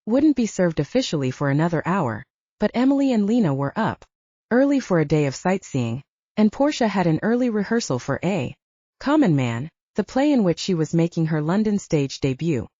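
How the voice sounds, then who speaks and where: Brief: female audiobook narrator, low and mellow, lively intonation. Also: moderate pace, no echo, muffled recording.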